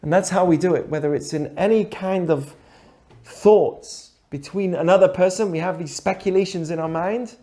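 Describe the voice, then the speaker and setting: A man's voice: high-pitched, moderate pace, warm tone. A man teaching a conversational ethics lesson, asking rhetorical questions and acting out quoted dialogue. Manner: acts out dialogue in quoted voices; asks the audience rhetorical questions. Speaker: Torah teacher.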